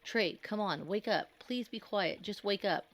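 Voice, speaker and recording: A woman voicing a desperate young man trapped in a flooded cave, yelling between gasps. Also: medium pitch, a little slow, pitched above the performer's own voice, close to an everyday voice. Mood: shaken pleading. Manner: yelling, strained, gasping.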